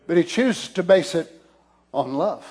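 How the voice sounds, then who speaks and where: A man preaching a fervent sermon, dropping to hushed asides and then rising to shouted declarations. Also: sits high, animated, a little slow, breathy edge. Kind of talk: Pentecostal-style sermon.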